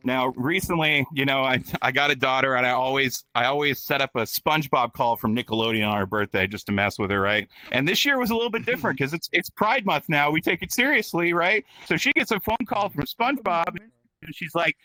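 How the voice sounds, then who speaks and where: Rowdy high-voiced man doing stand-up. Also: animated, brisk, dry recording. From Texas. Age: 30s. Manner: crude, rowdy, crowd-working, acts out loud squeaky voices for others. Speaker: comedy show host. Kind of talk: stand-up comedy routine. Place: virtual reality comedy club with live audience.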